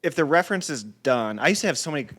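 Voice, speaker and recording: A man's voice: on the high side, animated, fast, fairly bright tone. A man, a comedian guest on a podcast, telling stories in casual chat, rambling with many restarts and frequent swearing.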